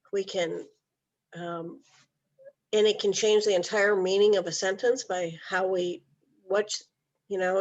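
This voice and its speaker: A woman co-trainer giving brisk, instructive tips on listening to clients. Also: medium pitch. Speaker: real estate trainer. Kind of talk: online training talk. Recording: dull lo-fi audio.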